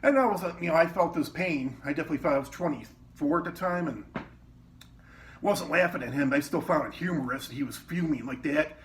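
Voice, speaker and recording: A man with a fairly high voice tells loose, rambling stories from his years in a restaurant kitchen. He swears a lot and keeps breaking into other people's lines. The mic sits some way off and picks up a faint hiss. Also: fairly quick. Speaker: former cook telling work stories. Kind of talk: casual storytelling. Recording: distant mic with faint background noise.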